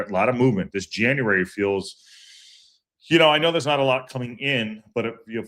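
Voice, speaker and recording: A man's voice: sits low, fairly bright tone. A man hosting a casual fan podcast live stream. He rambles and repeats himself with many fillers, and greets chat viewers by name.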